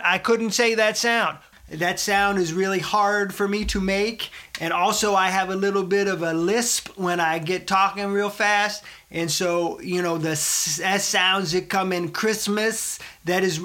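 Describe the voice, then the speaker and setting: A man's voice: high-pitched, bright, forceful tone. A middle-aged man doing a comic monologue as a folksy preacher, rambling and calling out to brothers and sisters. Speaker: comedic preacher persona.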